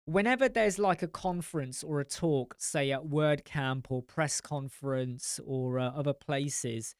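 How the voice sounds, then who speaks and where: A man's voice: fairly high pitch, a little slow, clean tone, no echo, clean studio sound. Blunt man on a live chat. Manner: blunt, rambling, swears. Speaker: host. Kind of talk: casual live-stream chat.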